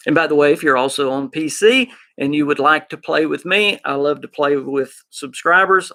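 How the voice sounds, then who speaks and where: A man with an Arkansas Southern accent hosting a gaming podcast, chatting excitedly and rambling as he talks to his live chat. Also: a little high, creaky. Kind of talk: casual live-stream chat.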